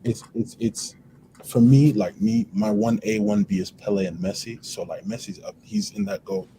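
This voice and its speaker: A man's voice: on the low side, animated, normal speed, gravelly, warm tone, a little hiss or hum, rough recording. A man on a casual football panel, talking emphatically and repeating phrases. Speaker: panel guest.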